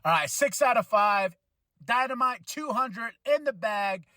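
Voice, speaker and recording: Hyped high-voiced man reviewing wrestling. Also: measured pace, dry recording. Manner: excitable, hyped, shouts when thrilled; casual slangy delivery, laughs often. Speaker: wrestling podcast host. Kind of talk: solo show review.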